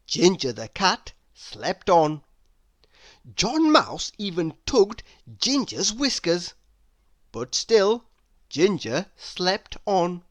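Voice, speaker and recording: A woman reading a children's storybook aloud in an expressive manner, now and then asking the listener questions. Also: on the low side, drawn-out words. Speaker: storybook reader.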